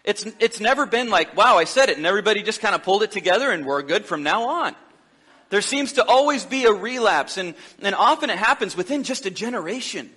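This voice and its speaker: Male pastor, high bright voice, lively sermon with jokes, long hall reverb. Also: fairly quick, slightly rough. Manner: lively, joking asides, acts out dialogue. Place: church sanctuary.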